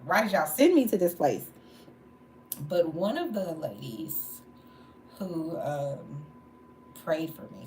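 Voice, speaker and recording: Low-voiced woman venting on a livestream. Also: darkish tone. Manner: candid, venting, laughing between stories. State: tired from no sleep. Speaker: livestream host. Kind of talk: casual livestream monologue. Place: indoors at home, late at night. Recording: roomy echo, faint background noise.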